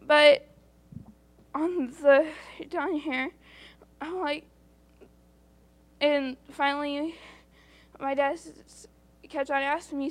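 A woman's voice: high voice, slow, long pauses. A woman giving a spoken testimony to her church, rambling and earnest, acting out the dialogue she quotes.

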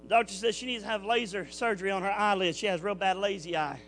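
A man's voice: high voice, steady tone, quick pace, fairly bright tone, a little hiss or hum. A middle-aged man, giving a fervent Pentecostal testimony in a church with a folksy preacherly cadence. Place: church building.

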